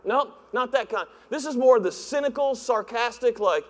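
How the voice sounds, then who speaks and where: A male pastor preaching in a church, animated and acting out voices with laughs. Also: very high-pitched, a little fast. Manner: animated, acts out voices, laughs at own jokes. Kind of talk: sermon. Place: church sanctuary. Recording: long hall reverb.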